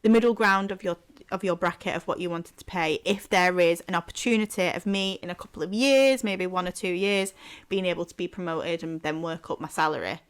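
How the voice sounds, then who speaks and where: A woman's voice: on the low side, fairly quick, smooth. A young woman, co-hosting a podcast, telling a long story in a rambling way with lots of "like" and casual swearing. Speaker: podcast co-host. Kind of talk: casual chat.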